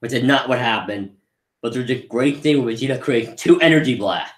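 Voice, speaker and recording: A young man gives an enthusiastic, rambling live movie review, restarting his sentences as he goes. His voice sits at a middling pitch, and the room around him is echoey. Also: brisk. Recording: roomy echo.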